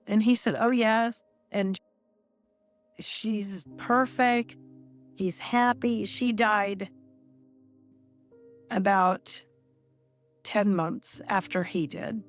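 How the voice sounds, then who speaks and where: A woman in her sixties, an interview guest, telling a personal story in a measured, reflective way with pauses between phrases. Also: medium pitch.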